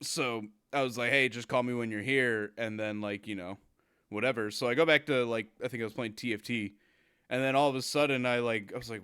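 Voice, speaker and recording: A young man co-hosting a casual podcast, ranting with lots of swearing and loud mocking impressions of other people. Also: medium pitch, brisk, clear, resonant tone, no echo, clean studio sound. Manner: profane ranting, loud mocking put-on quotes. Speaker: podcast co-host. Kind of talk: casual chat.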